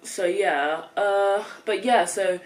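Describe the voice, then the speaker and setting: A woman's voice: medium pitch, slow, recorded from a distance, low-quality recording. A young woman with an English accent, chatting casually to camera for her vlog, loose and full of fillers, laughing often. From England. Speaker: vlogger. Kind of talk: casual chat while eating.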